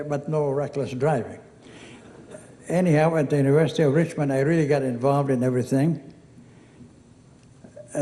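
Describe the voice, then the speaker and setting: A man's voice: a little high, dark tone. An older man from Lebanon with a Lebanese accent, giving a chatty, anecdotal acceptance speech and acting out the dialogue in his stories. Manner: chatty storyteller, acts out quoted dialogue. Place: event hall. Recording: reverberant hall.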